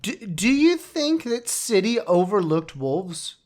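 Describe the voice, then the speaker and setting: A man co-hosting a relaxed football podcast, chatting through his match picks. He rambles a little, pokes fun at himself and trails off mid-thought. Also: high voice, slow pace. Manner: chatty, self-mocking, trailing off. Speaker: podcast co-host. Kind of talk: casual sports chat.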